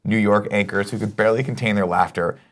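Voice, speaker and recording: A man's voice: lowish voice, steady tone, fast talker. A man co-hosting a comedy morning show, reading odd news stories aloud with crude jokes. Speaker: co-host. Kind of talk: casual comedic news chat.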